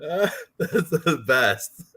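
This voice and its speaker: A man's voice: on the high side, big pitch swings, very slow, bright, forceful tone, husky. A man co-hosting a fight picks stream, rambling in casual banter, swearing and laughing often. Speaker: co-host of a fight picks show.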